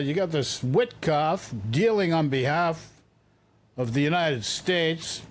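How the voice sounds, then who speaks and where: A man hosting a political commentary show, talking casually and sounding exasperated, often repeating his points. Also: fairly high pitch.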